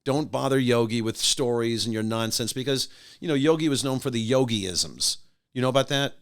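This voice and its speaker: A man's voice: medium pitch, normal speed. An older man casually telling a long anecdote as a podcast guest, acting out the voices of the people in it. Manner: animated anecdote teller, acting out voices of others. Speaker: podcast guest, musician and radio host. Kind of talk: casual storytelling.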